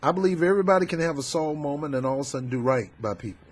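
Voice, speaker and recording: A man doing a casual political commentary vlog, talking in a fervent, preachy, colloquial way with loud emphatic outbursts. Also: a little high, lively intonation, racing, husky. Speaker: YouTube commentator.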